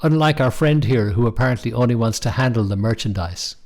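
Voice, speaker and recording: A man's voice: mid-range voice, fairly quick, darkish tone, natural voice. A man voicing a brash, rude Cockney market stall holder who talks in cheeky, blunt sales patter, in a storybook reading.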